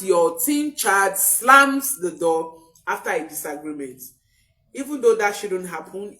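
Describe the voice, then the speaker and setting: A woman parenting coach giving a motivational talk, expressive and repeating key phrases for emphasis. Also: medium pitch, recorded from a distance.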